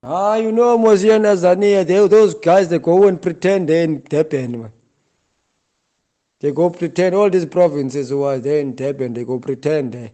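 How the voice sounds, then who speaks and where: A man with a South African accent speaks in a high, mellow voice. He talks in an impassioned, repetitive monologue, circling back to the same points and calling to his listener. His tone is insistent throughout. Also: normal speed. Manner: repetitive, insistent, often addresses the listener as "Bafo". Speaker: Rasta community member.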